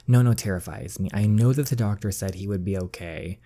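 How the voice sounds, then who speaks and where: A man's voice: fairly low pitch, brisk, dark tone. A man reading the lines of a guarded, heartsick young woman, earnestly and with feeling, while playing a story game. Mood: anguished.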